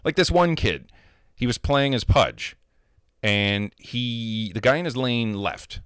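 A man's voice: medium pitch, animated, slow pace, fairly bright tone, clear, resonant tone, dry recording, studio quality. A man, a gamer, ranting casually and heatedly about online trolls, profane and emphatic. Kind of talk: casual rant.

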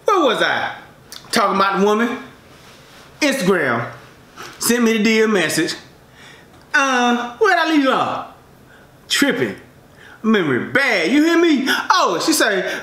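Animated man chatting in an echoey room. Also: sits high, moderate pace. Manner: animated, laughs often, drawling asides. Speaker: mukbang vlogger. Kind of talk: casual storytelling to camera while eating.

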